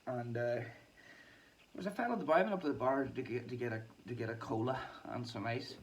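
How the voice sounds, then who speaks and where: Gravelly man rambling. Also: mid-range voice, fast, far from the mic, rough recording. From Ireland. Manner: chatty, self-deprecating, laughs often. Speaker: musician and vlog host. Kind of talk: casual rambling monologue.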